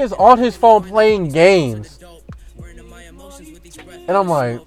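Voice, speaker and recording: A man's voice: high-pitched, takes it slowly, pauses often, soft background music. A young man telling a story about his job as a casual, profane rant, acting out the people he quotes. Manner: profane, animated, restarts and acts out quoted lines.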